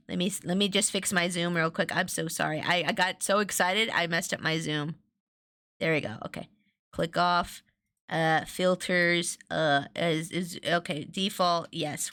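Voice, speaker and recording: Bubbly, bright-voiced woman streamer. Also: on the low side, creaky. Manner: bubbly, excitable, squeals at finds. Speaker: game streamer. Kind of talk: casual gameplay stream chat.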